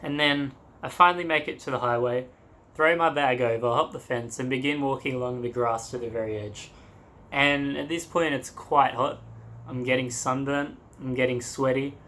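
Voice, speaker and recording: A young man tells a travel story to his camera in a casual, rambling style, breaking into laughs and throwing in crude asides. His voice sits at an ordinary middle pitch. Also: fairly even intonation, moderate pace, bright, forceful tone. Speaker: travel vlogger.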